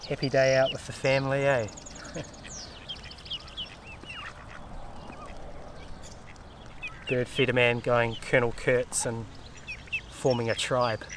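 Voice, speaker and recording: A man, rambling loosely outdoors by the water, ending thoughts with "eh?" and cooing softly at the ducks. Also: medium pitch, level tone, normal speed. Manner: loose and rambling, full of fillers and tag "eh?". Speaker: vlogger. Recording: outdoor recording with clear ambient noise.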